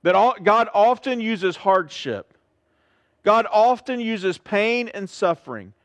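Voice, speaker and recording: A man's voice: high voice, lively intonation, takes it slowly, dry recording, muffled recording. A man preaching a sermon as pastor in a church service, in a conversational way and asking his congregation questions.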